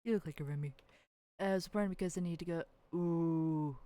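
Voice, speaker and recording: A woman livestreams a video game, chatting casually with her viewers as she rambles, giggles and squeals over cute characters. Her voice is lowish and dark, her pace brisk, and the recording has no room sound.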